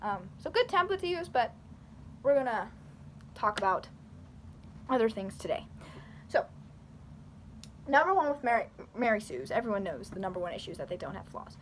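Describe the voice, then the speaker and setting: Young woman, rambling vlogger, bit high-pitched, faint background hiss. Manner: rambling, animated, filler-heavy; talks with her hands. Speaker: YouTuber. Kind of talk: casual talking-head commentary.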